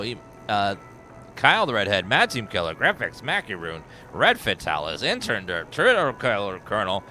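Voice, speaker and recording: A man doing live gameplay commentary on a horror game, excitable and chatty. His bright voice swoops up and down in pitch as he rattles off viewer names. A faint noise sits behind him. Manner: excitable, rapid-fire reading of viewer names. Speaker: game streamer.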